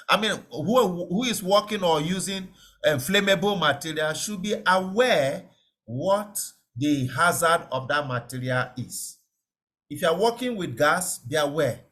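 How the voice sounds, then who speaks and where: Brief: male safety trainer on a web call, fairly high voice with an animated, up-and-down delivery, repeats key points. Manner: explanatory, repeats key words, checks understanding. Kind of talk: online lecture.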